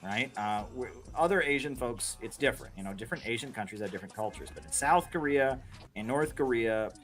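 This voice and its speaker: A man's voice: medium pitch, animated, brisk, fairly bright tone. A man streaming and chatting casually through viewer questions, rambling with many restarts and frequent "right?" and "you know" asides. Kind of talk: casual livestream chat.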